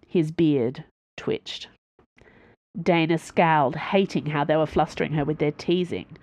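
A woman reading a story aloud in an even, measured narration. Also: low-pitched, dry recording. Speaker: audiobook narrator. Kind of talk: scripted narration.

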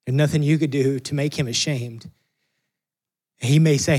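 A man preaching a sermon in a conversational, earnest way, swinging from loud emphasis to soft, hushed lines. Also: medium pitch, moderate pace, pauses often, slightly rough. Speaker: pastor.

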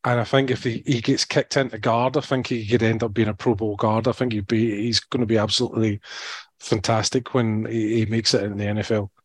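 A man with a Scottish accent giving his views on a sports podcast, halting, with many ums and the odd dry joke. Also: lowish voice, flat delivery, husky, no echo. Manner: hesitant, lots of ums, dry jokes. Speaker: podcast co-host. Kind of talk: casual sports podcast chat.

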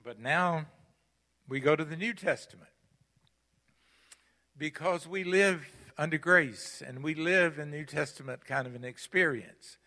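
The sanctuary's long reverb trails after this older visiting preacher, whose fairly high, pushed and bright voice moves a little slowly with frequent pauses. He preaches with emphasis, returning again and again to his key phrases.

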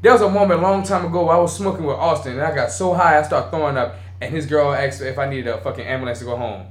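A young man telling a story on a casual podcast, with animated swings between hushed and loud retellings. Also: fairly high pitch, fast, echoey room. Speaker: podcast co-host.

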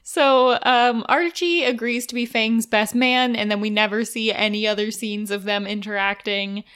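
A woman's voice: a little high, fairly even intonation, normal speed, a bit bright, clean tone. A woman co-hosting a casual recap chat, talking in a chatty, easygoing way. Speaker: podcast co-host.

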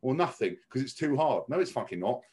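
A man's voice: mid-range voice, big pitch swings, fairly quick, a little mellow, slightly rough. A man speaking as a podcast guest, blunt and outspoken, swearing freely and often restarting his sentences. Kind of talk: casual podcast conversation.

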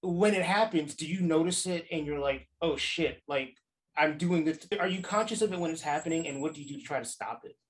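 A man's voice: fairly high pitch, quick pace, hardly any pauses, poor audio. A man hosting a podcast, asking questions in a thoughtful, hedging way with restarts and casual swearing. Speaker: podcast host. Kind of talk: casual interview chat.

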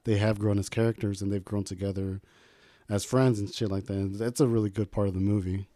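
A man's voice: fairly low pitch, little pitch movement, brisk, warm tone, no room sound. A man co-hosting a podcast, chatting casually about films and swearing freely. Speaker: podcast co-host. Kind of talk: casual movie chat.

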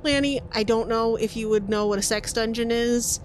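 A woman's voice: a little high, a little hiss or hum. Casual woman game master. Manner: casual, laughing, quick asides. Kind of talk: narrating a tabletop game.

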